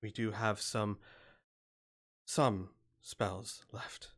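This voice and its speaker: A man voicing a weary, solemn male cleric in a tabletop game, speaking slowly and quietly. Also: lowish voice, steady tone. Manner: slow, grave, quiet.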